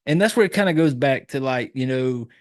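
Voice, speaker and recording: A man's voice: medium pitch, expressive, fairly quick. Casual, profane man recapping a film. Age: adult, married. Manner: loose, profane storytelling, acting out lines in a raised voice. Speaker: podcast host reviewing a horror film. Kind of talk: casual chat.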